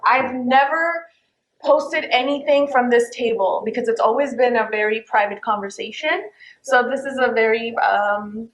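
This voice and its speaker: A woman's voice: on the high side, normal speed, reverberant, low-quality recording. A woman hosting a casual chat show from a home dining table, playful and sarcastic, laughing often. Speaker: host.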